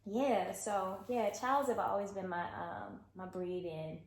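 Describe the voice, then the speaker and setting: A woman co-hosting a podcast who tells stories in a lively way and laughs often. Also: medium pitch, slow. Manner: laughs often, animated storytelling. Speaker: podcast co-host. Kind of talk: casual chat. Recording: echoey room.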